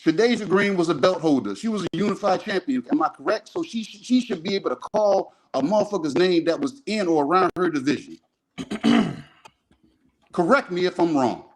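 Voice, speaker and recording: A man's voice: high-pitched, normal speed. Heated, profane man arguing sports. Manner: profane, animated, repeats himself. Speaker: podcast co-host.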